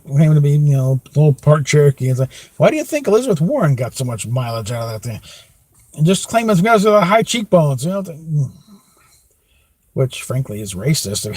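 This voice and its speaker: A man's voice: a little high, darkish tone, dry recording. Rambling man, dry close sound. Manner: rambling, many fillers, chuckles often. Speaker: podcast host. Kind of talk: rambling casual chat.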